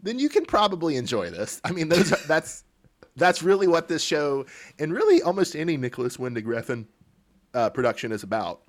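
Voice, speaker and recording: A man's voice: on the high side, big pitch swings, a little fast. A man co-hosting a podcast in casual chat, teasing his partner and laughing often. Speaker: podcast co-host.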